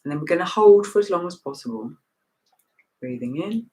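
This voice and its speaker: A woman's voice: lowish voice, lively intonation, brisk, dark tone, poor audio. A woman teaching a meditation and breathing session, giving loose, rambling instructions that often restart mid-sentence. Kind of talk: casual guided breathing and stretching session.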